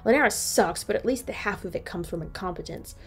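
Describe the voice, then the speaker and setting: A woman's voice: medium pitch, animated, brisk, breathy edge, faint music behind. A woman voicing a bitter, angry young male troll who swears and snarls, in a read-aloud fan story. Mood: angry, scornful. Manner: snarling, swearing, cold laughter.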